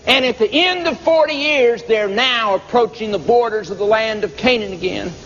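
A man preaching a sermon, telling a story slowly and dramatically, his pitch swinging between high and low. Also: fairly bright tone. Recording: dull reverberant hall recording with noise.

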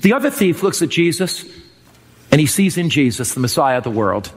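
Man, pastor, sermon, emphatic preaching, high voice, long hall reverb. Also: sing-song. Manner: emphatic preaching, swinging between slow drawn-out and fast delivery.

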